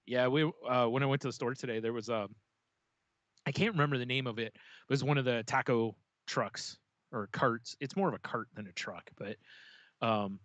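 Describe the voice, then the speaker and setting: A man's voice: medium pitch, moderate pace, fairly bright tone, no echo. A man co-hosting a casual podcast, chatting in a laid-back, joking way and swearing now and then. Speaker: podcast co-host. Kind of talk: casual chat.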